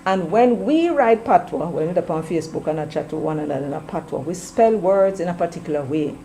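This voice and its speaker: A middle-aged woman with a Jamaican accent, delivering opinionated political commentary in a forceful, preachy way and slipping into patois. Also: lowish voice, lively intonation, fairly quick, poor audio.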